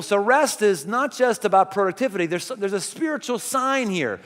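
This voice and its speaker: High-voiced preaching man in reverberant hall. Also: expressive, normal speed, a bit bright. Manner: conversational preaching with rhetorical questions. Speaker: pastor. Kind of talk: sermon.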